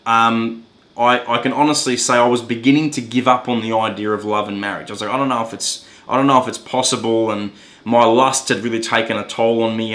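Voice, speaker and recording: A man's voice: mid-range voice, a bit bright. Earnest man telling a story, stammering. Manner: earnest, stammers and repeats words often. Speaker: podcast host. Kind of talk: personal storytelling.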